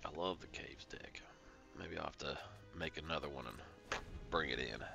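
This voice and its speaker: A man's voice: extremely low pitch, moderate pace, gravelly. A man casually commentating his card game with joking, rambling asides. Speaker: gameplay commentator. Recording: game music playing behind.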